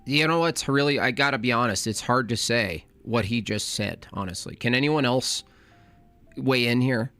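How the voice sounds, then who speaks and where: A man's voice: medium pitch, normal speed, bright, forceful tone, soft background music. A man reacting to a clip, ranting with sarcastic questions. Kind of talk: casual reaction commentary.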